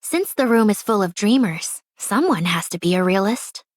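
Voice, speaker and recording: A woman's voice: medium pitch, animated, moderate pace, no room sound, close to an everyday voice. An actress voicing a scheming, cynical young woman ex-idol who talks in a cool, mocking, calculating way. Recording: dry close studio recording.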